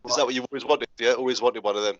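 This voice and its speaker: A man hosting a casual interview over a video call from his spare room at home, loud and chatty, calling his guest "mate" again and again. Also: mid-range voice, steady tone, racing, no echo, muffled recording. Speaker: podcast host. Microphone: laptop or phone over a video call.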